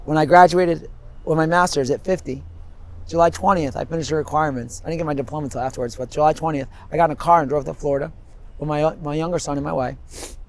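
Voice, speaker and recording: A man in his fifties telling his story in a rambling, animated way on an outdoor street interview, laughing often. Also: a little high, quick pace. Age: 50s.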